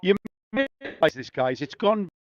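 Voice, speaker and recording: A middle-aged man with a northeast English accent roams a racetrack with a handheld mic, doing chatty, teasing on-the-spot interviews full of jokey banter. His high voice swings widely in pitch at a measured pace, and the outdoor recording sounds dry, dull, and lo-fi.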